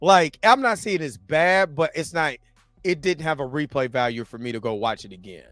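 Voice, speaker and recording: A man's voice: on the high side, expressive, moderate pace, a bit bright, no echo, soft background music. A man co-hosting a podcast, talking in a laid-back, rambling way with lots of fillers. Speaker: podcast co-host. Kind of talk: casual chat.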